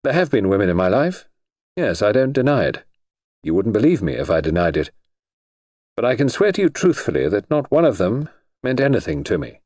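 A man's voice: fairly low pitch, big pitch swings, a little fast, darkish tone, no echo, clean studio sound. A man playing a charming, bantering husband who hides a menace, in an audiobook reading. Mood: earnest. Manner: bantering, smooth.

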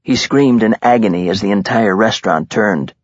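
A man reading a crime story as an audiobook narrator, in a measured, tense style. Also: on the low side, husky. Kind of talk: scripted dramatic narration. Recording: dull lo-fi recording.

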